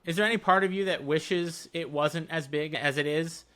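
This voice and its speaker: Man in his 30s, fairly high, bright voice, eager podcast host, curious and probing. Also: moderate pace. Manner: eager, probing questions with lots of "like". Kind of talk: casual podcast interview.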